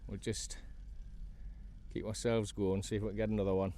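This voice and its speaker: Excitable man fishing from a kayak. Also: lowish voice, normal speed. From North East England. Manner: chatty, excitable, talks to the fish. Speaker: fishing vlogger. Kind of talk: casual running commentary while fishing. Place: kayak at sea outdoors.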